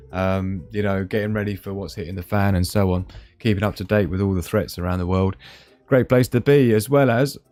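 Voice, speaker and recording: A man's voice: fairly low pitch, darkish tone. A man hosting a casual live stream, chatting and laughing as he reads out memes. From Scotland.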